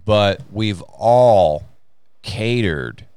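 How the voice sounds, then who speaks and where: A man's voice: on the low side, lively intonation, drawn-out words, darkish tone, smooth, no room sound. A man hosting a faith podcast, talking emphatically in a preacher-like way, with frequent hallelujahs. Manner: emphatic, exclaims hallelujah and praise the Lord. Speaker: podcast host.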